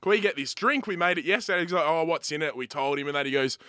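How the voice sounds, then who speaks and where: A man's voice: a little high, fast, clear, resonant tone, no echo, clean studio sound. A man telling stories in casual, sweary podcast chat. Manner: animated storyteller, swears freely. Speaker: podcast co-host.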